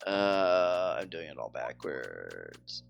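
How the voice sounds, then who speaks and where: A man's voice: extremely low pitch, sing-song, extremely slow, vocal fry, soft background music. A man chatting casually on a live game stream, rambling with lots of fillers.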